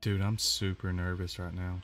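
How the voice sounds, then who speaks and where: A man giving casual let's-play commentary on a horror game, chatty and quick to exclaim, often repeating himself. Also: low voice, flat delivery, fairly bright tone, faint music behind. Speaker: gamer playing a horror game.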